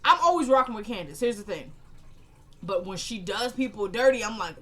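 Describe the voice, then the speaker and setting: A young woman casually recapping a TV episode in a chatty, opinionated way, often tagging her points with quick questions to her viewers. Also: mid-range voice, animated, pushed and bright.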